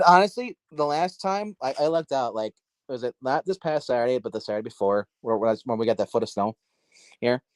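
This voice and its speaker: A man chatting casually on a livestream about comics from his dark home, rambling and restarting his sentences. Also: on the low side. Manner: rambling, self-interrupting, filler-heavy. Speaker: comic book livestream host. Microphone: phone.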